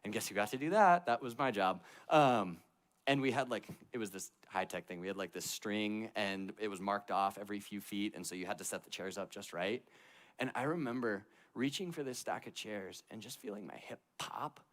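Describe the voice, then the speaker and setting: A young man preaching to a church youth group, telling his story in a casual, conversational way full of "like" fillers and moving between loud and hushed delivery. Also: lowish voice, animated, normal speed. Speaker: youth pastor.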